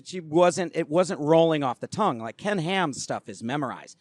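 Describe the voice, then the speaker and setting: A man co-hosting a podcast, speaking in an easygoing, halting way with many restarts. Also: fairly high pitch, lively intonation, no room sound. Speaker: podcast co-host. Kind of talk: casual podcast chat.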